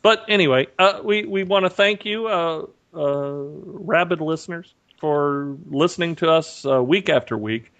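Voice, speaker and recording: A man co-hosting a casual podcast over a remote call. He spins a story with energy and slips into the voices of the people he quotes. His voice sits a little high. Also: a little slow, few pauses, lo-fi sound. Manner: animated storyteller, acts out quotes. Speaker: podcast co-host. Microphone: remote call mic.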